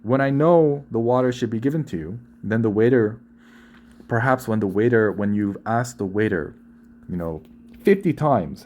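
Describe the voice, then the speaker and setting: A man's voice: medium pitch, expressive, moderate pace, darkish tone, a little hiss or hum. A young man teaching a grammar lesson, explaining patiently and often repeating or correcting himself. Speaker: Korean language teacher.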